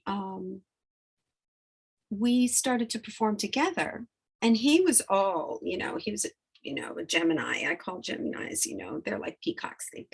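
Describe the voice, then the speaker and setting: A woman hypnotherapist chatting casually to her followers, emotional and rambling, often breaking off mid-sentence. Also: medium pitch. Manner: emotional, rambling, self-interrupting. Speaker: spiritual hypnotherapist. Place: New York.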